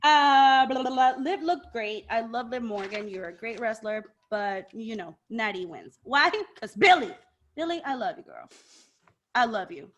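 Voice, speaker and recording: Lively chatty woman co-host. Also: a little high, measured pace. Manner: animated, playful, swings into mock voices. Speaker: podcast co-host. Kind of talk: casual chat.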